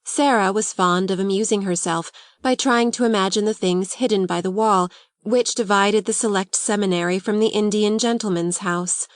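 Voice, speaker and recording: A woman reading a classic novel aloud as an audiobook narrator, in clear, even storytelling. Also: mid-range voice, moderate pace, dry recording.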